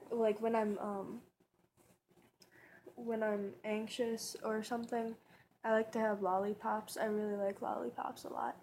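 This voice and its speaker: A woman's voice: mid-range voice, a little mellow, slight background noise. A woman vlogger talking casually in her bedroom, rambling and chatty, with lots of fillers and restarts. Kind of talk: casual tag video chat.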